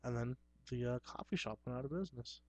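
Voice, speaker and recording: A man in his younger years holds forth in a loose, rambling monologue about his life as a clown. His pitch sits right in the middle, and he sounds earnest and self-assured even as he stumbles into restarts. The recording is dry and close, with no room sound. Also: fast, dry recording. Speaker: clown performer.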